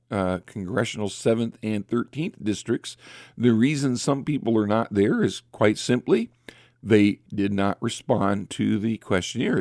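A man acting as a pastor hosts a late-night radio call-in show, chatting in a relaxed way full of fillers and restarts. His pitch is fairly low, and the studio sound is clean with no echo.

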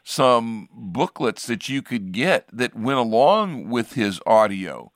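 A man's voice: medium pitch, very animated, slow pace, no echo. Radio pastor guy rambling along in casual chat, keeps restarting his sentences, dry close sound. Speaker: radio show host, pastor.

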